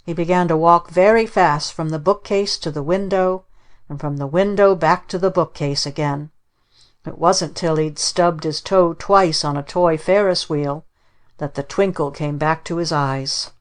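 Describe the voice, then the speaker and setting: Low-voiced woman narrating a storybook. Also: a little slow. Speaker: audiobook narrator.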